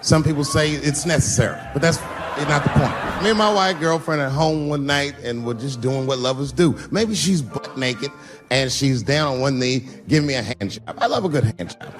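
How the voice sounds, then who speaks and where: A man's voice: mid-range voice, normal speed, music in the background. A middle-aged man doing stand-up comedy on stage, telling loose, profane stories full of acted-out quotes. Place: comedy stage before a live audience.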